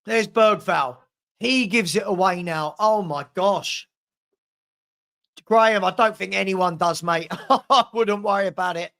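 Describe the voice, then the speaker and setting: Speaking at normal speed in a high, gravelly voice that sounds pushed and bright, a man runs a live fan watchalong from home with a dog nearby. He reacts bluntly and with exasperation to the match while responding to viewer comments.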